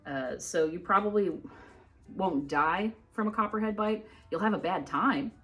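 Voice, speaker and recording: A woman's voice: medium pitch, measured pace, fairly bright tone, soft background music. A woman from Minnesota hosting a reptile channel, telling a rambling story in a casual educational vlog and laughing often as she wanders off topic. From Minnesota, United States. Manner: laughs often while talking.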